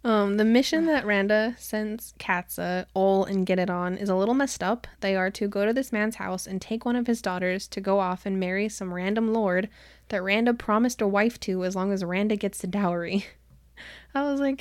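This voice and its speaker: A young woman co-hosting a podcast, chatty and quick as she retells a story, with lots of "like" and quoted lines. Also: medium pitch, dry recording, clean studio sound. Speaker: podcast co-host. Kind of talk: casual book recap chat.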